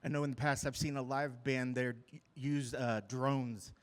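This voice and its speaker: A male reporter asking quick, chatty questions at a press scrum. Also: medium pitch, flat delivery. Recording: long hall reverb.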